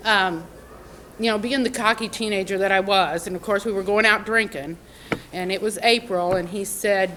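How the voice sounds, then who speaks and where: A middle-aged woman speaks to a convention audience at an ordinary pitch. She shares her own story in a heartfelt, conversational way, full of "um"s and restarts. Faint room noise sits behind her voice. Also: steady tone, moderate pace, sharp tone, rough recording. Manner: heartfelt and conversational, with many fillers. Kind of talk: personal recovery testimony.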